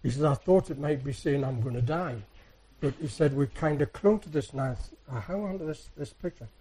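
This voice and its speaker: Soft-spoken man telling church stories. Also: a little high, fairly quick, husky, poor audio. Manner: soft-spoken, rambling storyteller. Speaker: church speaker. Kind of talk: anecdotal sermon.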